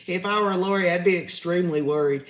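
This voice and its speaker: A man's voice: sits high, fast, roomy sound. A man, hosting a livestream, giving his opinions in a chatty way and reading out viewer comments. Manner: chatty, opinionated, says y'all often. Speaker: livestream host reading chat.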